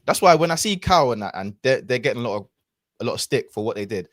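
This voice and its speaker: A man's voice: mid-range voice, very animated, quick pace, a bit bright, dry recording, studio quality. A man, a podcast guest telling a personal story in a casual, reflective way with lots of fillers and restarts.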